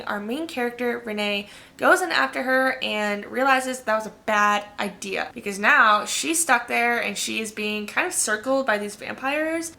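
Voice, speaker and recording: A young woman in her twenties talks through her reading list in a loose, gossipy way, peppering every sentence with fillers. Her voice sits a little high and sounds bright and sharp, with a gravelly fry at the ends of phrases. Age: 20s. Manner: chatty, gossipy, full of "like". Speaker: book vlogger. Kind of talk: casual book chat to camera.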